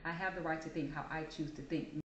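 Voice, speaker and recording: Blunt, low-voiced woman vlogger. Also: steady tone, fairly quick, highs cut off. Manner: emphatic, opinionated and blunt. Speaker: vlogger host. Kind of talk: casual opinion monologue vlog. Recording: echoey room with faint noise.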